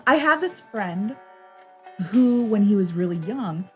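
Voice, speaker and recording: A woman's voice: mid-range voice, unhurried, soft background music. A woman co-hosting a live stream in casual chat, telling stories and laughing often. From United States. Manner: laughs often, animated storytelling.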